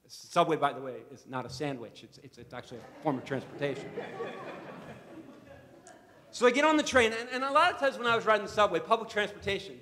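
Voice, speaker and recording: A man giving a talk to an assembly as guest speaker, telling an animated story and repeating words as he starts sentences. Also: fairly high pitch, long reverb tail. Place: assembly hall.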